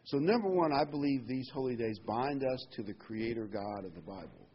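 A man's voice: medium pitch, animated, moderate pace. A man delivering a sermon in a conversational way, with fillers and emphatic repetition. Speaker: preacher. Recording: dull lo-fi sound with faint noise.

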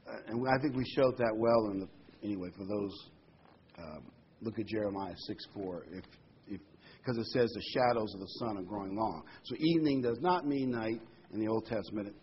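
A man's voice: medium pitch, muffled recording, slight background noise. A man preaching a sermon, retelling a scripture story with many asides and fillers.

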